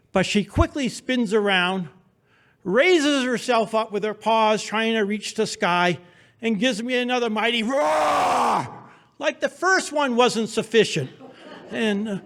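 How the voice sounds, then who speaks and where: A man's voice: very high voice, a bit bright. A man telling a personal adventure story on stage at a live storytelling show, in a wry, humorous, vivid present-tense way. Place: theater stage before an audience.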